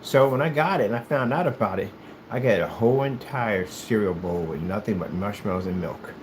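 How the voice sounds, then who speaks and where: A man from the United States chatting casually while he plays, telling rambling, animated stories in a hyperactive way. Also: fairly low pitch, a little fast, background noise. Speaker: gaming streamer. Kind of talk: casual chat while playing.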